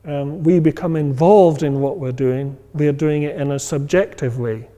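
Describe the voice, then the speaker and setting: A man's voice: a little high, normal speed, dark tone. A man teaching a meditation class in a loose, conversational way, full of fillers and checks for understanding. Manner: conversational, many fillers, acts out inner voices. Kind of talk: informal class talk. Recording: long reverb in a hall.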